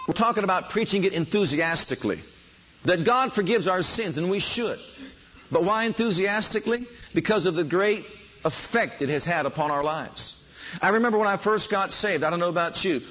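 A man's voice: high voice, a little hiss or hum. A man preaching a sermon, fervent and building enthusiasm, calling on his listeners to respond. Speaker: pastor. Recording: dull lo-fi sound.

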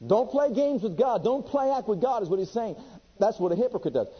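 A man preaching a sermon with passion, reading scripture aloud and swinging between loud and hushed delivery. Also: sits high, expressive, fairly quick, slightly rough, long reverb tail. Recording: dull lo-fi sermon recording.

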